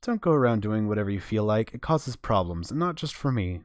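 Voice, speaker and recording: A man's voice: fairly low pitch, very animated, a little fast. A man voicing a cold, composed young female detective who speaks curtly. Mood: stern. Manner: curt, stern.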